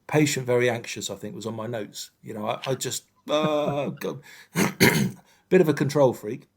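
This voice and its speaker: A man in his fifties, a firefighter guest speaking frankly and haltingly with many fillers in an interview. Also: mid-range voice, expressive. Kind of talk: candid personal interview.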